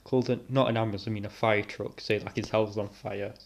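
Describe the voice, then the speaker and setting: A man's voice: fairly low pitch, fairly even intonation, fast, gravelly. Mocking young man reacting to clips. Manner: mocking, rambling, many fillers. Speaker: reaction video host. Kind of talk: casual commentary over clips.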